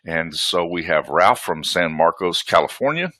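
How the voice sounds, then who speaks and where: A man's voice: low voice, sing-song, normal speed, sharp tone, no room sound. Folksy Southern man hosting a webinar. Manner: folksy, chatty, greets attendees by name. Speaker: webinar host. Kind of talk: casual live webinar hosting. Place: home.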